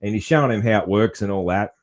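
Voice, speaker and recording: A man's voice: on the low side, fast. A man with an Australian accent hosting a podcast, telling stories in a laid-back, rambling way. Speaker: podcast host. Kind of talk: casual interview chat.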